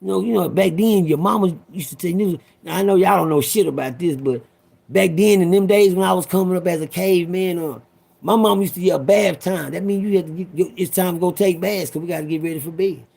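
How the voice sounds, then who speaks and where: Gravelly high-voiced man in his fifties. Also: quick pace, a little mellow. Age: 50s. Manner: profane, rambling, talks straight to listeners. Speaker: storyteller. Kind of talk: personal storytelling.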